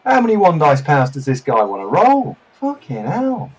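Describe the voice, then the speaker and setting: A man's voice: fairly high pitch, wildly swooping pitch, a little fast, rough recording. A man hosting a live game stream over a headset, chatting casually and swearing in exasperation while sorting out his settings. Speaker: stream host.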